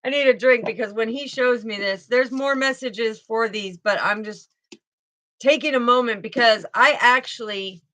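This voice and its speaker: A woman's voice: a little high, moderate pace, fairly bright tone, poor audio. A woman doing a spiritual card reading, talking in a fervent, emotional way and often repeating herself.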